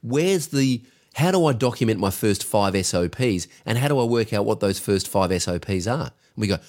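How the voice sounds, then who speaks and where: A man's voice: on the low side, expressive, moderate pace, few pauses, darkish tone. A man co-hosting a business podcast, coaching in an emphatic, directive way. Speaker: podcast co-host, agency coach.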